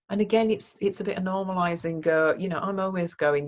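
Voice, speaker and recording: A woman with a low, deep-set voice, leading a training session. She talks in a conversational way and acts out the phrases she would use with people. The recording sounds dull and lo-fi. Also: fast talker, few pauses. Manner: conversational, demonstrates example phrases. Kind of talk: training talk.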